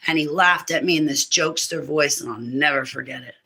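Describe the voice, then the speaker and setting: Poor audio captures a deep, husky, sharp-toned woman in her fifties speaking fairly quickly with vocal fry. She rambles in a casual monologue about faith, the way a spiritual warfare speaker might, bursting into laughter and emphatic preaching.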